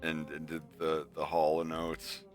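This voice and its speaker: A man's voice: rumbling low, completely flat delivery, measured pace, soft background music. Laid-back rambling male streamer. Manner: rambling, profane. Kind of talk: casual chat.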